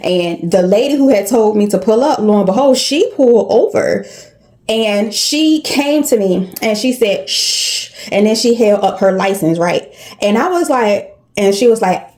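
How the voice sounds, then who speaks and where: A woman's voice: mid-range voice, moderate pace. Chatty woman telling a storytime. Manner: chatty, slangy, animated retelling. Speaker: vlogger telling a personal story. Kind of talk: casual storytime.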